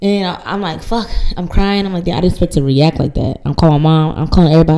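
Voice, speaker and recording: A woman's voice: low-pitched, very fast, warm tone, low-quality recording. A woman in her late twenties hosting a podcast, telling a personal story in candid casual chat, blunt and swearing freely. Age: late 20s. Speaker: podcast host.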